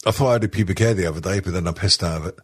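Podcast host, man, husky voice, casual sweary banter. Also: low-pitched, rapid-fire. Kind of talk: casual chat.

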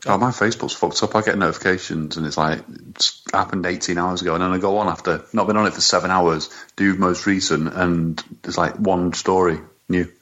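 Deep-voiced male co-host, crude joker, on a dull lo-fi recording. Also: fairly even intonation, fairly quick, few pauses, fairly bright tone. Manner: crude, jokey storyteller. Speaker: podcast co-host. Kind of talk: casual chat.

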